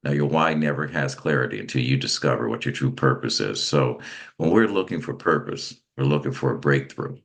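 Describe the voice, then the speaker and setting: A man with a very deep voice hosts a motivational talk. His voice has a gravelly, rough edge, and he stops and starts, repeating words as he goes. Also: a little fast, a bit bright. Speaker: host.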